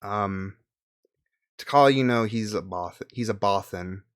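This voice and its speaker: Slow low-voiced guy running a tabletop game, um-heavy, pauses a lot. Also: clean tone. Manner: halting, many fillers, laughs often. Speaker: game master.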